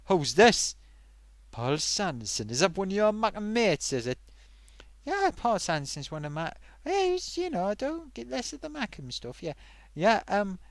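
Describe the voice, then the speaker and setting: A man's voice: sits high, dry recording. A man hosting a casual live stream, chatting and reading out viewer comments.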